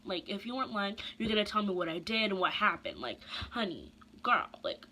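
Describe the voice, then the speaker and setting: A young woman telling a casual storytime, chatty and animated, full of slang and asides. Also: mid-range voice, brisk, slight background noise. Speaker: vlogger.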